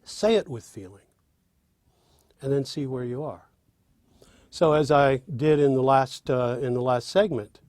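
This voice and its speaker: A man teaching songwriting in a spoken lesson, demonstrating by speaking and singing lines in an animated way. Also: mid-range voice, unhurried, pauses often, dry recording. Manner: animated, with restarts. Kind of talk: spoken lesson with sung examples.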